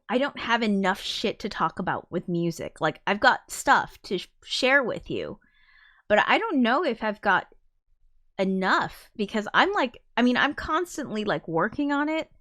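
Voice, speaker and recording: A woman's voice: mid-range voice, a bit bright. A woman musician chatting casually to viewers on her live stream, rambling with lots of fillers and swearing and reading out viewer comments. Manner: reads viewer comments aloud.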